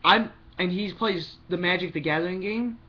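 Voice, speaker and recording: A man's voice: high-pitched, muffled recording. A young man giving a rambling opinion vlog about games, often stopping to restart his sentences. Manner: rambling, restarts often, talks fast in bursts. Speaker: gaming vlogger.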